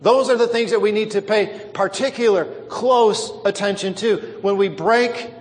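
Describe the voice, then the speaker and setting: High-voiced preacher in a reverberant hall. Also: male voice. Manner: emphatic, drawn-out stresses on key words. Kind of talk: sermon.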